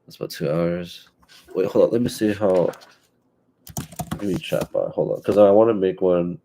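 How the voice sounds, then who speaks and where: A young podcast host sounds stuffy from allergies as he rambles through casual chat, swearing a lot and filling it with fillers and restarts. His low voice has fairly even intonation, a moderate pace, and a warm tone, with a little hiss or hum in the audio.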